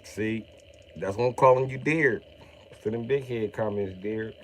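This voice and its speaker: A man's voice: lowish voice, normal speed, slight background noise. A young man streaming live, casually reading comments and mock-scolding a viewer by name. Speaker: livestream host.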